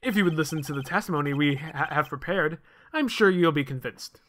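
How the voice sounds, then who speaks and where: Man voicing prosecutor, measured, quiet, high voice. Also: natural voice. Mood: composed.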